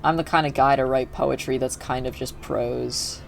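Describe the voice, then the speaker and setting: Soft background music plays as a young man with a gravelly, mid-range voice chats at a moderate pace, his tone steady. He's streaming a video game, rambling casually, restarting often and using plenty of fillers.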